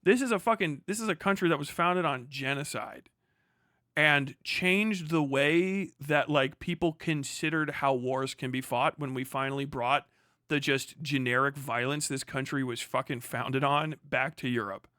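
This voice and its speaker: A man's voice: mid-range voice, normal speed, sharp tone, no echo, clean studio sound. Profane, laughing young American man. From United States. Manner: profane, laughing, sarcastic rants. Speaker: livestream host. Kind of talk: casual livestream commentary.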